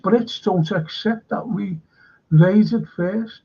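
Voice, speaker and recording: A man hosts a live-stream current-affairs show, ranting and swearing between shout-outs to viewers in the chat. His voice sits a little high and sounds husky and gravelly. The stream audio is dull and lo-fi. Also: slow.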